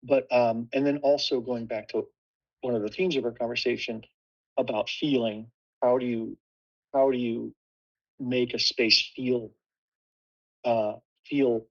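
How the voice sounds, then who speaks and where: A man's voice: mid-range voice, lo-fi sound. A man speaking as a production designer in a casual panel talk, thoughtful and full of restarts.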